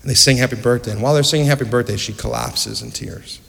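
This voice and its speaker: A man's voice: mid-range voice, quick pace, gravelly, fairly bright tone. Man preaching in church, earnest storyteller, asks the room questions, echoey hall. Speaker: pastor. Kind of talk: sermon.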